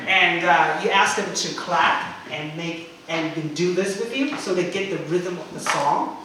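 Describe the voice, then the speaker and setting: Man, English teacher, chatty, keeps asking "okay?", slightly high voice, faint background noise. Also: normal speed. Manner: chatty, frequent "okay?" checks, demonstrates chants. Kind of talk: teacher training talk. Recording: echoey room from far off.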